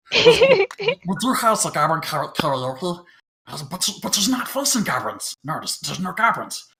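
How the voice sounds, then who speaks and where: A man's voice: high voice, huge pitch swings, slow pace, long pauses, a crowd in the background. A man running a tabletop game who talks a lot and mocks himself, explaining the rules casually with lots of ums. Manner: talkative and self-deprecating, with many fillers. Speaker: game master.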